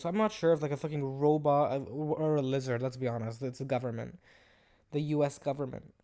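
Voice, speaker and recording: Young podcaster ranting casually, swears a lot, super sarcastic and disbelieving, mid-pitched voice. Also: darkish tone. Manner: sarcastic, profane and incredulous. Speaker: podcast host. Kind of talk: casual commentary reading out messages.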